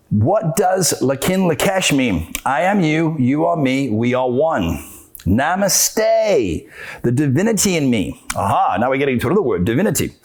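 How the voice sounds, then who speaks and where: Guy doing a solo spiritual talk, high lively voice, acts out both sides of an argument. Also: normal speed. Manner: animated, argues both sides in a dialogue with himself. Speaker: podcast host.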